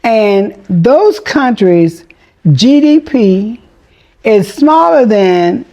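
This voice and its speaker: A woman's voice: fairly high pitch, lively intonation, extremely slow, warm tone, lo-fi sound. A woman host giving a rambling, chatty commentary monologue with exclamations and asides.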